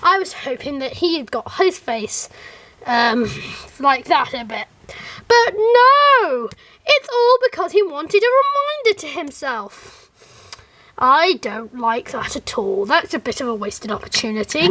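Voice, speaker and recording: A woman with a high, light voice chats to camera as a fan reviewer. She sounds animated and rambling, with frequent fillers and restarts. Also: unhurried. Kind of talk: casual chat to camera.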